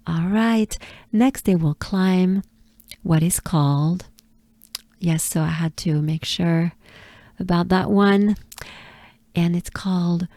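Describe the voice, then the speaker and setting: A woman from France with a French accent, coaching pronunciation patiently and repeating each sound slowly for the listener to copy. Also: medium pitch, lively intonation, vocal fry, warm tone, no room sound. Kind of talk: slow pronunciation lesson with drills.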